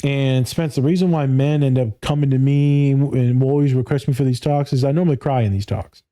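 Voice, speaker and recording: Fairly quick and fairly even in intonation, this man's medium-pitched voice has a dark tone. He's a thirtysomething therapist chatting on a podcast, blunt and profane, laughing a lot and putting on voices for quotes.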